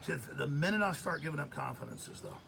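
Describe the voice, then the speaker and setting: Gravelly ranting man, loud and lively. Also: a little high, brisk, slight background noise. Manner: loud, ranting, swings between shouting and muttering. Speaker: host. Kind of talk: heated live-stream rant.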